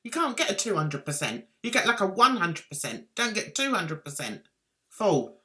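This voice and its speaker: A woman's voice: medium pitch, sing-song, normal speed, sharp tone. A woman doing mocking commentary on a video, sarcastic and exasperated. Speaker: YouTube commentator.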